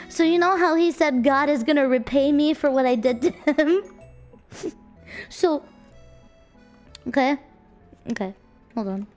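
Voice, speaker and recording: A high-pitched young woman chatting to her stream, animated and quick to laugh as she tells a story. Soft music plays faintly under her voice. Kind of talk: casual storytime chat.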